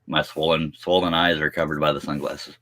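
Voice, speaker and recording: A man with a bass voice streams from his workshop, drawing a scroll saw pattern and chatting in a folksy way that includes "y'all." His delivery is flat, a little fast, and a bit bright.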